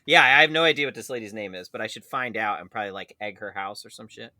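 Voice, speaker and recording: A man in his thirties co-hosting a podcast, telling a story with a very bright, ringing voice and a lively pitch that jumps around. He laughs often and swears freely, and the sound is dry and close to the mic. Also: quick pace, dry recording. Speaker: podcast co-host. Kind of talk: casual podcast chat.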